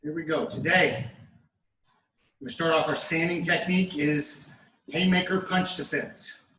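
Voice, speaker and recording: A man teaching a martial arts class, calling out moves step by step in a steady coaching way. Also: fairly high pitch, a little slow, slight background noise. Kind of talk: class instruction. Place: training studio. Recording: echoey room, mic at a distance.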